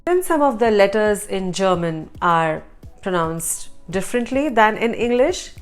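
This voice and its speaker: A woman from India hosting an online language lesson, repeating words slowly and quizzing the viewer. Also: medium pitch, expressive, clear, resonant tone, soft background music. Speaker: language teacher and channel host.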